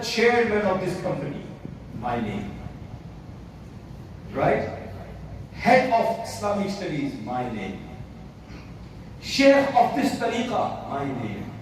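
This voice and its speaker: A man's voice: sits high, moderate pace. A man preaching a sermon in a mosque, putting rhetorical questions to the audience and checking in with them again and again. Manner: rhetorical, keeps asking the audience "right?". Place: mosque hall. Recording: echoey mosque hall, distant mic, faint hiss.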